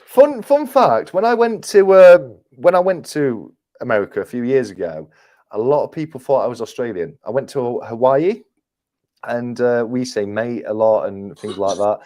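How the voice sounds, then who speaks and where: A man's voice: medium pitch, lively intonation, moderate pace, mellow. A man from England with an English accent that has some northern influence, chatting casually as a guest on a livestream panel, laughing often and restarting his sentences. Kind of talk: casual chat.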